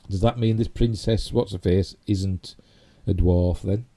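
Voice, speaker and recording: Man, Yorkshire accent, very dark mellow tone, rambling live stream chat, tag questions. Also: deep voice, expressive, a little slow, husky. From Yorkshire, England. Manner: rambling, full of "you know" and tag questions. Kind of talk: casual live stream commentary on geek news.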